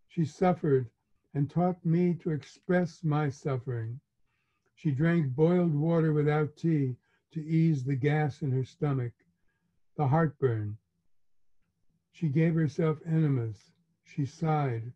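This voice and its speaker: Slow, wry male author reading. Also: on the high side. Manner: measured, wry and reflective. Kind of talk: reading his memoir aloud. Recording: dull lo-fi recording.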